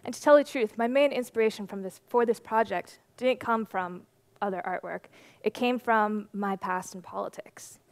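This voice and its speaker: Speaking into a stage microphone at a conference, a woman in her twenties tells her story with lively animation. Her voice is medium in pitch and her pace normal, and the recording sounds dry and close with hardly any room echo.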